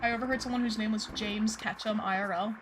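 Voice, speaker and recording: Woman streamer, casual and chatty, filler-heavy, mid pitch, game music underneath. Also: steady tone, quick pace. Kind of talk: casual gameplay chat with chat.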